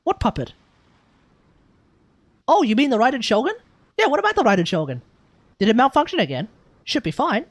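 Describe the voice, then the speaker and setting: A woman's voice: on the high side, sing-song, brisk, pauses often, dry recording, pitched above the performer's own voice. A woman with an Australian accent voicing a casual, absent-minded woman ruler who answers in an offhand, puzzled way.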